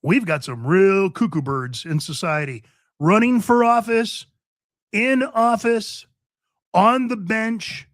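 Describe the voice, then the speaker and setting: A man's voice: high-pitched, a bit bright, dry recording. A man hosting a talk radio show from a studio, delivering an emphatic, opinionated monologue and repeating his points. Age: older. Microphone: studio microphone.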